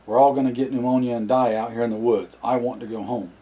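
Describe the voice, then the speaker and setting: A man's voice: medium pitch, fairly even intonation, fast, mellow, natural voice. A man voicing a whiny, miserable mother. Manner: complaining, self-pitying. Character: miserable, whining mother on the run.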